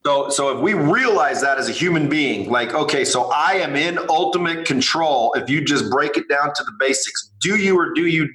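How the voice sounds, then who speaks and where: A fairly high-voiced man with a bright, forceful tone speaks bluntly and swears freely. He tells lively stories in a casual podcast chat. His voice carries a noticeable room echo. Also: normal speed, few pauses. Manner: blunt, profane, animated storytelling. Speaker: podcast guest, entrepreneur.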